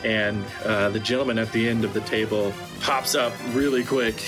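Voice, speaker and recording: A man narrating as game master for a tabletop game, in a relaxed, loose way. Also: fairly low pitch, moderate pace. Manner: relaxed, laid-back narration with fillers. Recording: music playing behind.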